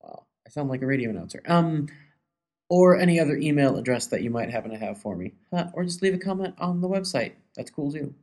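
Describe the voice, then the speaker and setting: A man's voice: on the high side, expressive, fast talker, a little mellow. A man hosting his own podcast, chatting casually and rambling, with frequent ums and trailing asides. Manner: rambling, hesitant, many ums. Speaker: podcast host. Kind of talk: casual solo chat.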